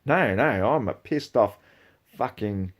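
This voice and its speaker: A man delivering angry ranting commentary, profane and heated, swinging between low mutters and loud outbursts. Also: animated, slow pace. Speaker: video creator.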